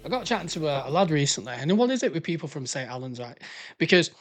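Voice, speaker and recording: A man's voice: on the high side, big pitch swings, fast, soft background music. A man with a Northwest English accent hosting a podcast, rambling along in a sweary, jokey, casual chat. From Northwest England. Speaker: podcast host.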